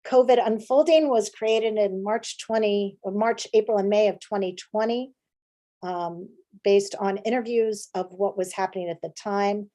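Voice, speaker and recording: A woman's voice: mid-range voice, unhurried, dark tone. A woman from the United States, a playwright and director giving a conversational presentation, with lots of fillers and restarts. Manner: chatty with frequent fillers and restarts.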